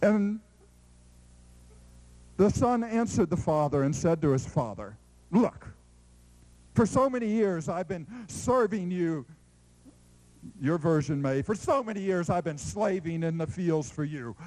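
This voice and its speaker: A man preaching a sermon in a lively, playful storytelling way, swinging between loud exclamations and hushed asides. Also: sits high, unhurried, long pauses, poor audio.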